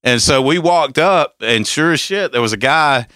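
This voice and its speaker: A man's voice: a little high, expressive, normal speed, pushed and bright, smooth, no echo, studio quality. A man telling profane stories in casual chat, often laughing as he talks. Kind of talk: casual storytelling.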